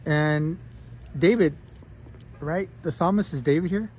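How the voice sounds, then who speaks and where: A man with a high voice preaching a casual sermon in an easy, conversational way. He restarts his phrases, clears his throat often and keeps tossing in a quick "right?" A faint hum of noise sits behind him. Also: a little mellow. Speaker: pastor.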